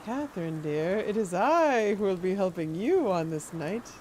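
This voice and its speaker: A woman reading aloud as a creepy older man in a game. He speaks slowly and ominously and calls himself a guardian. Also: mid-range voice, animated, a little mellow, slight background noise, natural voice. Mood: menacing.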